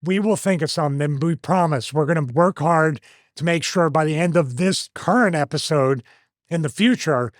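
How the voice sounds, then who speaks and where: Higher-voiced jokey Philly man. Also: moderate pace, no echo. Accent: Philadelphia. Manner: jokey, rambling, self-mocking. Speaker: podcast host. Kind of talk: casual podcast chat.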